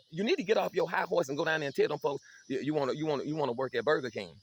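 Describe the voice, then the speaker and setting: A man voicing a stern middle-aged mother who interrogates her son in a shrill, stammering scold. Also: huge pitch swings, quick pace, creaky, darkish tone, a little hiss or hum.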